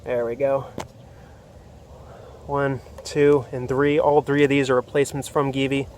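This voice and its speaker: A man's medium-pitched voice comes across flat, a little slow, and a little mellow, with a faint hiss or hum. A motorcycle vlogger, he films a casual how-to walkthrough on his phone outdoors beside his motorcycle in hot weather, slightly out of breath from the heat and using many fillers.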